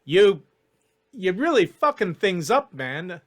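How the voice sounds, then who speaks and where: A man voicing a smarmy, fast-talking male elf who wheedles and pleads nervously. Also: high voice, very animated, a bit bright, pitched above the performer's own voice, heavily acted. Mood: pleading.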